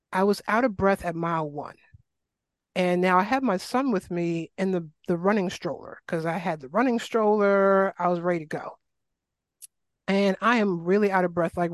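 A middle-aged woman from New York speaks as an interview guest, recounting her life in an animated, conversational way. She slips into little voices for the people she quotes and leans on plenty of ums and likes. The sound is dry and close, with no room around it. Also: mid-range voice, dry recording. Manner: animated, acts out quoted voices, frequent fillers. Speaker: guest, wellness coach. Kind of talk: casual interview storytelling.

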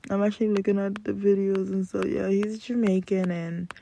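A woman's voice: mid-range voice, little pitch movement, normal speed, vocal fry, warm tone, slight background noise. Blunt, profane young woman ranting. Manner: blunt, exasperated, profane, mocking imitations. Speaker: podcast host. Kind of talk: casual storytelling rant.

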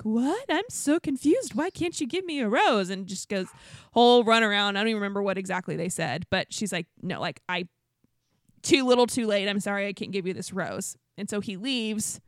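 Woman co-host, casual recap chat, lively quote impressions, dry studio sound. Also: medium pitch, no echo. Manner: animated, acts out quotes in exaggerated voices. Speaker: podcast co-host.

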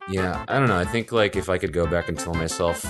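Young man, very low voice, dry joking podcast banter, faint music behind. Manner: wry, quick quips. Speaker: podcast co-host. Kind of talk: casual chat.

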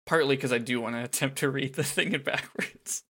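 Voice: mid-range voice, brisk, fairly bright tone. A podcast co-host in casual chat about song lyrics, chatty and laughing, with many restarts.

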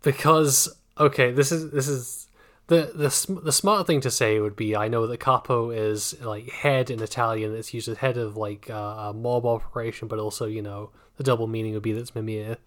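Man, podcast co-host, medium pitch, rambling jokey delivery, laughs a lot. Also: fairly even intonation, normal speed. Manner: rambling, joking, laughs often, swears. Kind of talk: casual book discussion podcast.

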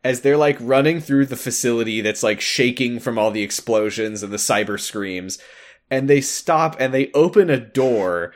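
A man's voice: medium pitch, normal speed. A man co-hosting a podcast, retelling an episode in casual chat with dry, sarcastic asides. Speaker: podcast co-host.

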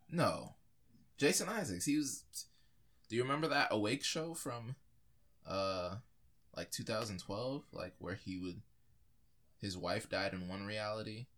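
This podcast co-host has a low voice with a fairly bright tone. His casual movie talk wanders, leans heavily on filler words, and keeps restarting mid-thought.

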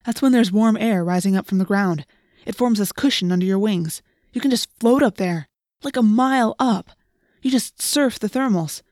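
A woman's voice: medium pitch, moderate pace, a little mellow, no room sound, studio quality, close to an everyday voice. Woman reading as an eager teenage boy. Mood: excited. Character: eager teenage boy who loves flying. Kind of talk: audiobook reading.

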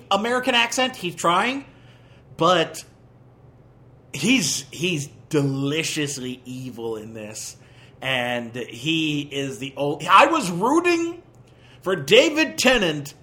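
A podcast host with a high-pitched voice rants through a movie review, animated and exasperated, throwing in crude jabs.

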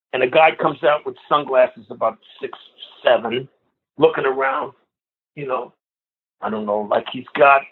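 Heard through narrow, phone-like audio, this man has a mid-range voice with a breathy edge. He's a guest musician in his sixties from the New York area, spinning long, animated anecdotes in an interview and voicing the other people in them.

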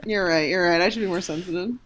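A woman's voice: fairly low pitch, slight background noise. A woman co-hosting a casual chat, rambling, laughing often and swearing freely. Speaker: podcast co-host.

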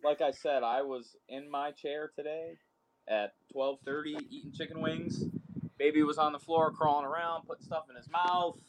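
A man chatting casually on a podcast and telling animated stories about his baby son. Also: on the high side, normal speed. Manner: animated storyteller, playful baby voices in quotes. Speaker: podcast co-host. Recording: noticeable background noise.

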